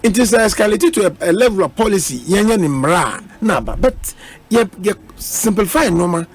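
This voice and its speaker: Animated high-voiced Ghanaian man. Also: fairly quick, slightly rough. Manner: animated, mixes Twi and English. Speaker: politician, minority member of parliament. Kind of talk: radio panel discussion.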